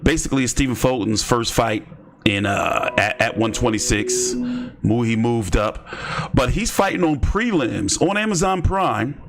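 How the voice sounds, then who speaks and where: A man's voice: medium pitch, expressive, unhurried, soft background music. A man hosting casual boxing commentary, rambling and joking with slang and lots of fillers. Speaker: host.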